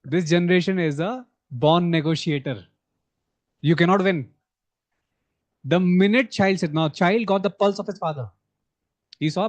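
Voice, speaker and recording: Man, fairly high voice, lively, asks the audience questions, workshop talk to teachers. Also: moderate pace, highs cut off. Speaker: workshop speaker. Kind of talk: talk to educators. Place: conference hall.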